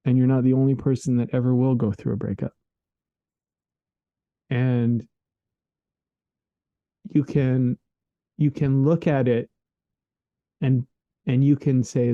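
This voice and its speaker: Very dark-voiced earnest man, lo-fi remote audio. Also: medium pitch, little pitch movement, takes it slowly, long pauses, no echo. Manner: earnest and rambling, peppered with "like" and "man". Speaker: podcast co-host. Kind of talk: casual reflective conversation. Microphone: remote call microphone. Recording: dull lo-fi remote recording.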